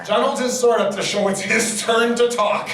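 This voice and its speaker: A man's voice: very high-pitched, fairly even intonation, moderate pace, crowd noise. A man hosting a live comedy panel, reading bad fan fiction aloud with dry, wry asides and frequent laughs. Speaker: convention panel host. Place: convention panel room with audience. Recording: distant mic, echoey convention hall, audience.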